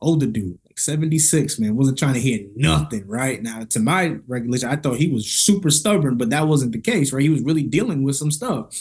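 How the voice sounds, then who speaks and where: Husky man telling his story animatedly. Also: brisk, few pauses. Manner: lively, slangy, acts out dialogue with big pitch jumps. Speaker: motivational speaker, podcast guest.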